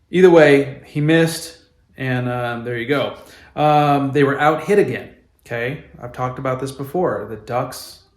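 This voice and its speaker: A man rants about his hockey team in a fired-up, exasperated way, as a fan who yells at the screen. His voice sits in a middle register. The sound is roomy and echoey. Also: medium pitch. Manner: passionate, exasperated, fan ranting. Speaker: hockey vlogger. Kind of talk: opinionated sports commentary vlog.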